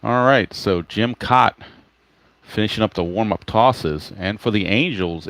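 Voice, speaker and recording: A man's voice: on the low side, measured pace, poor audio. A man calling a solo tabletop baseball game in a casual play-by-play style, chatty and self-correcting, muttering to himself while he hunts for cards.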